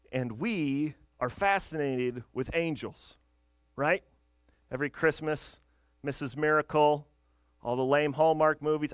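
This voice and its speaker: A man's voice: mid-range voice, no room sound. A man in his thirties or forties preaching a sermon as pastor, earnest, asking the congregation direct questions.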